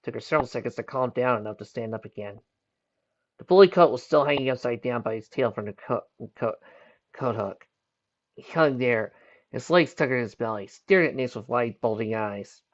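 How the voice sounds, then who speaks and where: A man's voice: medium pitch, normal speed, muffled recording. A man reading a pony fan story aloud, voicing each character's lines in turn. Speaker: fanfiction reader. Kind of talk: storybook narration.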